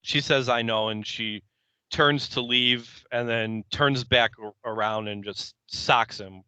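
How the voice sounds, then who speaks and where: A man co-hosting a podcast, calmly retelling scenes of an episode one step at a time. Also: medium pitch, clean tone, dry recording, low-quality recording. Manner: unhurried, plain scene-by-scene retelling. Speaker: podcast co-host. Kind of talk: casual episode recap chat.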